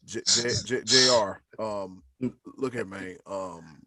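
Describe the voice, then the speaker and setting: A man's voice: on the low side, slow pace, pushed and bright, dry recording. Playful male podcast host, dry sound. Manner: playful, reads listener messages aloud with emphasis. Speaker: podcast host reading listener answers. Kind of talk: casual sports podcast chat.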